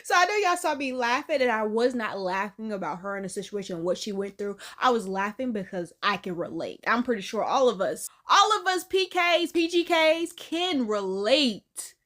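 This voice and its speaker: A woman's voice: fairly high pitch, lively intonation, moderate pace, few pauses, fairly bright tone. A woman hosting a reaction video, playful and gossipy, calling people "girl" and "boo". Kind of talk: casual reaction commentary.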